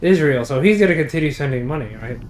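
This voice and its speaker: A man's voice: on the high side, animated, fast talker, a little mellow. A man streaming a game and chatting casually, with crude, blunt jokes.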